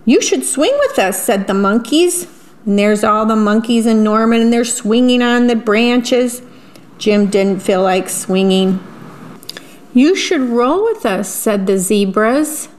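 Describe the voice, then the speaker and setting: Woman storyteller for children's read-aloud, slow unhurried delivery, describes the pictures. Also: mid-range voice, darkish tone.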